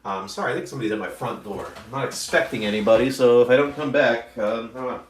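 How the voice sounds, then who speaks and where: A man's voice: mid-range voice, quick pace. A man casually commenting on his own comic pages, with rambling asides and frequent fillers. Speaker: comic artist discussing his own work. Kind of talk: casual commentary over artwork. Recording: roomy, from a distance.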